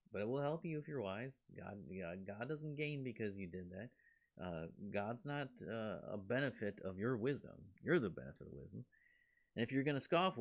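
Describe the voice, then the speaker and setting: A man teaching a casual Bible study, talking conversationally and breaking into quick voiced asides. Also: lowish voice, vocal fry.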